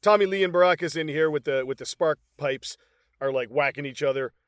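A man's voice: a little high, fairly quick, smooth, no echo, clean studio sound. A man in his fifties in casual chat, laughing often and acting out movie lines as he talks. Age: 50s. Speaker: podcast co-host.

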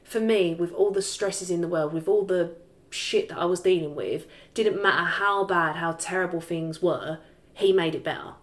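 A woman, co-hosting a casual chat podcast, animated and quick to swear and laugh. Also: fairly low pitch. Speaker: podcast co-host.

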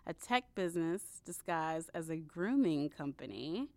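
A woman hosting a podcast quiz game in casual chat, animated, with quick asides and frequent laughs. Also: deep voice, no echo.

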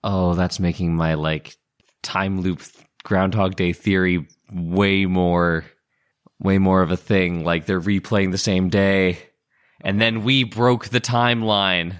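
A man playing a tabletop game, rambling through theories out loud in casual chat. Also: deep voice, steady tone, takes it slowly, smooth. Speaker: player.

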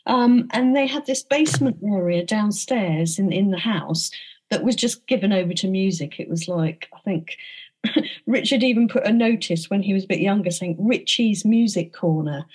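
A woman being interviewed about her book, speaking thoughtfully with frequent pauses and restarts. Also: medium pitch, darkish tone, breathy edge. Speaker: author and interview guest. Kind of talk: conversational interview.

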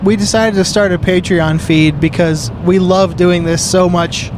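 A man with a high voice co-hosting a podcast from inside a car. He banters casually, doubting and teasing his partner. Road and car noise is clearly heard behind him. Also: steady tone, unhurried. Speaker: podcast co-host. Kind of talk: casual chat.

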